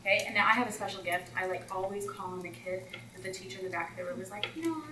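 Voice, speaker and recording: Presenting to teachers at a workshop, a woman math coach describes classroom routines with chatty animation, playing out exchanges with students. She talks rapid-fire at a medium pitch over a noisy crowd, captured from a distance with roomy echo and faint ambience.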